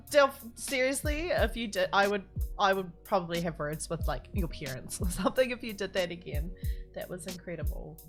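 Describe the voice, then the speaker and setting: A woman live-streaming from home, chatting warmly and casually with her viewers, greeting them by name and laughing often. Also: mid-range voice.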